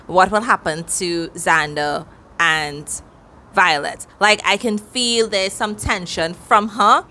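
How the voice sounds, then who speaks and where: A woman reviewing a book in a casual reading vlog, chatty and excitable, cheering out loud as she talks. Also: medium pitch.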